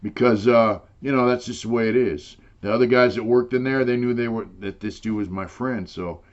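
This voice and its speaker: A man's voice: mid-range voice, steady tone, moderate pace, highs cut off. An older man telling a long story in casual, rambling talk, swearing freely and saying "you know" again and again. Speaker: interviewee telling prison stories.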